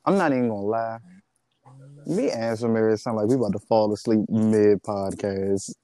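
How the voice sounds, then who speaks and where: Mellow laid-back man on a podcast. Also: lowish voice, moderate pace. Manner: laid-back, teasing, slangy. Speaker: podcast co-host. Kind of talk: casual podcast chat.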